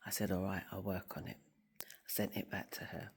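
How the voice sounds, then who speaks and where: In her office, a woman who works as school staff and vlogs about faith tells a story in a casual motivational talk to camera, animatedly acting out the voices of the people in it. Her voice is rumbling low, husky and whispered, at normal speed.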